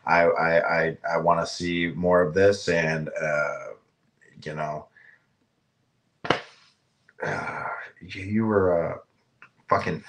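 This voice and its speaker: A man's voice: low voice, steady tone, slow pace, long pauses, fairly bright tone. A man who works as a carpenter, a guest on a casual podcast, talking reflectively with fillers and profane jokes.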